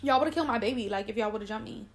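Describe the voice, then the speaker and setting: Young woman, casual chat, animated storytelling, slightly high voice, quick quoted voices.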